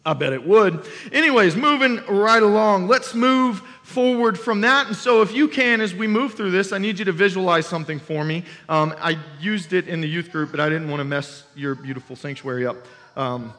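A man's voice: high voice, moderate pace, fairly bright tone, long reverb tail. A young adult man, a youth pastor, preaching a sermon in a church sanctuary, talking animatedly and conversationally and often asking the congregation questions.

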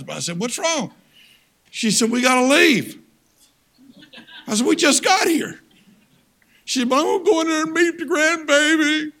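Older male guest preacher, higher voice, folksy, keeps asking the crowd for amens. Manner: animated, folksy storytelling with audience call-outs. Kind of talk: sermon.

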